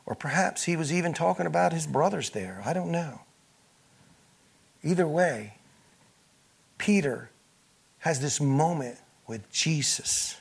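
A male pastor preaching a sermon, moving between loud, emphatic passages and quiet, hushed ones, and voicing the people in the scripture he reads. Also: fairly high pitch, expressive, a little slow, vocal fry, pauses often, breathy edge. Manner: acts out speakers in the scripture he reads.

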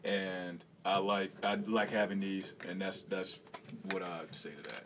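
A man speaking haltingly and softly in a casual chat with friends. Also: low voice, steady tone, noisy background. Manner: halting, soft-spoken.

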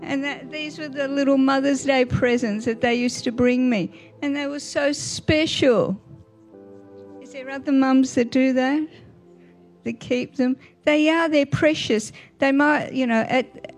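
An older woman, preaching a sermon in a chatty, warm way and asking the congregation questions. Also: sits high, unhurried, soft background music.

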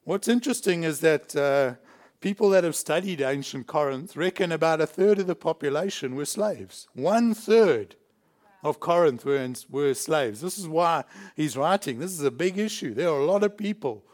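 A man's voice: fairly high pitch, animated, moderate pace, darkish tone. A man from South Africa preaching a sermon in a church, emphatic and chuckling between points. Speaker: pastor.

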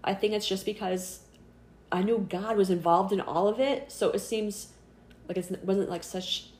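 A woman's voice: medium pitch, fairly even intonation, normal speed, a little mellow, reverberant. A middle-aged woman telling a personal faith story in casual conversation. She is earnest and chatty, with many fillers, and acts out the voices she quotes. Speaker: interviewee.

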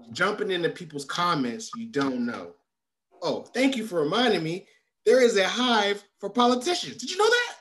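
Animated male podcast host. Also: a little hiss or hum. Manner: animated, rises in pitch when making a point. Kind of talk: casual chat.

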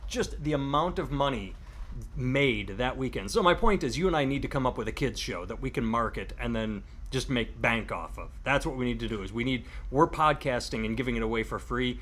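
A man's voice: mid-range voice, animated, fairly quick, a bit bright. A man with a Midwestern US accent co-hosting a podcast in casual banter, rambling with lots of fillers and laughing easily. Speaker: podcast co-host.

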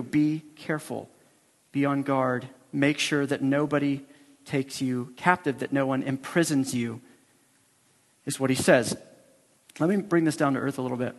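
A man's voice: on the high side, big-room sound. A male pastor preaching a sermon, emphatic and repeating his key phrases for weight.

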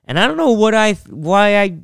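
A man's voice: high voice, very animated, brisk, vocal fry, clear, resonant tone, no echo, clean studio sound. A young man hosting a podcast, telling rambling self-mocking stories and laughing often. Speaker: podcast host. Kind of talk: casual storytelling monologue.

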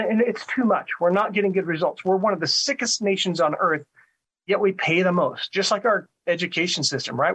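A man talks through his show's monologue in a relaxed, conversational way. His voice sits high for a man and has a husky grain. He stumbles over words now and then and keeps checking in with the listener. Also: poor audio. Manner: conversational, repeats words, frequent "right?". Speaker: radio talk show host. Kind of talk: monologue commentary.

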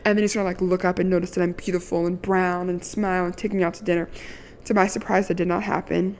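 A woman's voice: on the low side, level tone, fast talker, a little mellow. Sassy, profane young woman from Maryland. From Maryland, USA. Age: 20s. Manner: candid, sassy, profane, lots of "like". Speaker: vlogger telling a story. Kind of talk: casual storytime monologue.

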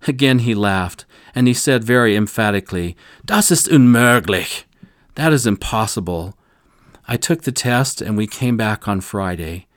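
Older man, low-pitched, earnest scripture teacher, dry close recording. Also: normal speed, no echo. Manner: earnest storytelling with solemn emphasis. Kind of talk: scripture discussion with personal story.

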